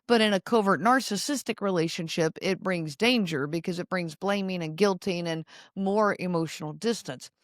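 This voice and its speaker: A middle-aged woman hosts an advice podcast in a calm, explanatory voice that sits a little high. She often pauses to check in with the listener. Her voice is recorded close on a dry mic. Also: no room sound. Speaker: podcast host.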